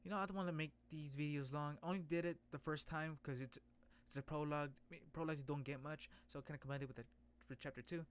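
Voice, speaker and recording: A man streaming a casual comic readthrough, reacting excitably with gasps and exclamations. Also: a little high, fast, clean tone. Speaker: streamer reading a webtoon.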